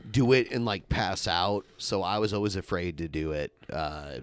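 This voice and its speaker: A man's voice: moderate pace, smooth, dry recording. A man with a Midwestern American accent, rambling through casual podcast chat with lots of fillers. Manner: rambling, lots of fillers, lively swings in pitch. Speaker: podcast co-host.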